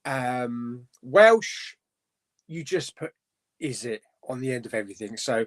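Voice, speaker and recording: A man's voice: mid-range voice, takes it slowly. A man hosting a casual live stream chat, reading out viewer comments and chatting about them.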